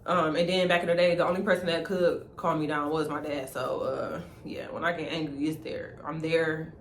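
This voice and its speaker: A young woman telling a casual storytime vlog, animated, laughing often and talking to viewers as y'all. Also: deep voice, brisk, few pauses. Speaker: vlogger. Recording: echoey room with faint ambient noise.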